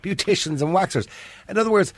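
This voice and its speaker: Pushy Irish radio host, fast talker. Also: male voice, high-pitched, lively intonation. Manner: pushy, interrupts often. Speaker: radio talk show host. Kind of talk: phone-in radio interview.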